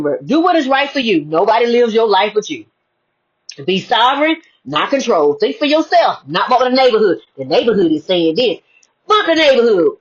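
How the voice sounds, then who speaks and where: Husky woman preaching in a lo-fi recording. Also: mid-range voice. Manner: preachy, conversational, asks rhetorical questions. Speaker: motivational speaker. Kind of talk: spiritual sermon-style talk. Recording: dull lo-fi recording.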